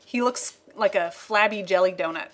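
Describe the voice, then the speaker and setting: A woman's voice: medium pitch, normal speed, a crowd in the background. An American woman telling a rambling story in casual chat, full of fillers and asides. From United States. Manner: chatty, rambling, lots of fillers.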